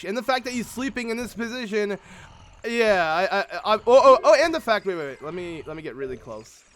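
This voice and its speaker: A man's voice: on the high side, slight background noise. A man hosting a let's play, giving chatty, rambling gameplay commentary to his viewers. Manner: chatty, rambling, self-correcting, talks to viewers as friends.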